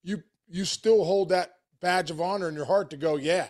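A man with a fairly high voice co-hosts a sports talk show. He gives emphatic, encouraging takes. His tone stays conversational. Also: fairly even intonation, normal speed, darkish tone. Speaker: sports radio co-host.

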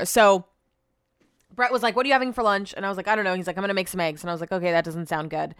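A woman's voice: medium pitch, fairly even intonation, racing, fairly bright tone, clear, resonant tone, no room sound, studio quality. A woman in her thirties hosting a podcast alone, rambling casually with lots of fillers and swearing. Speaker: podcast host. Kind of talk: casual solo chat.

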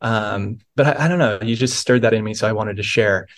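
A man's voice: on the low side, brisk. A man, a pastor and author, earnestly telling a personal story of faith in a podcast interview, with many restarts.

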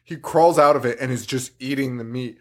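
A man's voice: mid-range voice, fairly quick. A man co-hosting a podcast, in a casual movie-review chat, laughing and swearing freely as he retells scenes. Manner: laughing, profane, storytelling. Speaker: podcast co-host.

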